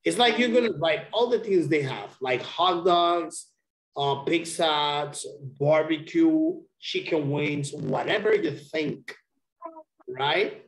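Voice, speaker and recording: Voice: mid-range voice, slow pace, roomy sound, poor audio. An English teacher giving a one-on-one lesson over a video call, checking often that the student understands.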